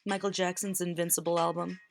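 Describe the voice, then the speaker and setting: A woman reads tarot cards in an earnest, emotional voice that sits a little low. She repeats phrases for emphasis and sounds close to tears. Soft music plays faintly behind her. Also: little pitch movement, fairly quick, vocal fry. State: near tears. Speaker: tarot reader. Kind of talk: tarot reading.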